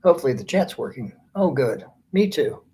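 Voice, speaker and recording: A man's voice: medium pitch, very animated, a little fast, mellow. A man hosting a casual live stream, greeting viewers by name as they join. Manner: friendly, reads out viewer names one by one.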